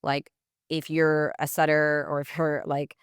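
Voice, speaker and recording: This woman has a low, smooth voice and takes her time, recorded in studio quality with no room sound. A sales coach appearing as a podcast guest, she's blunt, swears freely, says "like" often, and acts out messages in lively quoted voices during the casual interview.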